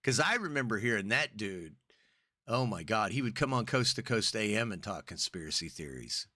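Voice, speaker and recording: A man co-hosting a podcast, rambling and animated as he chats casually. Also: on the low side, normal speed, dry recording, clean studio sound. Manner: rambling, animated, self-interrupting. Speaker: podcast co-host.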